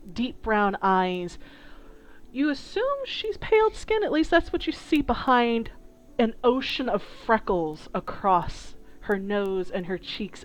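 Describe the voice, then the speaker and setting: A woman narrates a tabletop game as dungeon master, taking her time with each scene. Her delivery is slow and descriptive, broken by small hesitations, over faint music. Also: mid-range voice, poor audio.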